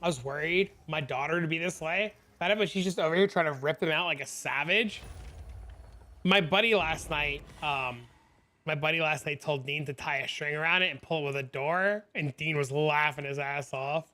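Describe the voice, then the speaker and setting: A man streaming a game live, chatting casually with viewers, answering chat and telling animated stories, on a desk microphone at home. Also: on the high side, moderate pace.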